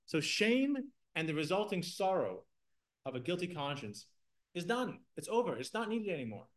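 A man's voice: fairly high pitch, sing-song, brisk. Earnest man teaching a Bible class. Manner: earnest, asks the class questions.

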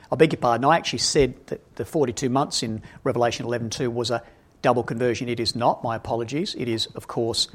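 A man preaching an expository Bible lesson, quizzing his audience and correcting himself as he goes. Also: medium pitch. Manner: animated, asks the audience questions, self-correcting.

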